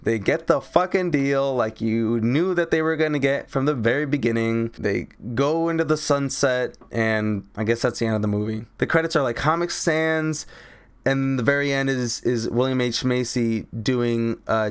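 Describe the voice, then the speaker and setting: A man's voice: mid-range voice, clean tone. A young man reviewing a movie in a casual, rambling, crude way full of fillers.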